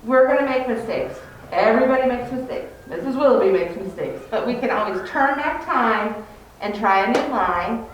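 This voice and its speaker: A kindergarten teacher chats informally with parents at an info meeting, describing her classroom with lots of filler words. Her voice is fairly high and expressive at a normal speed, captured from far off in a large indoor classroom that echoes heavily, with faint background noise.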